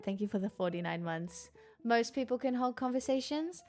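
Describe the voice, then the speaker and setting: A woman's voice: on the high side, lively intonation, moderate pace, darkish tone, soft background music. Dry, self-mocking woman streamer. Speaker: live streamer. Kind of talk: casual stream chat.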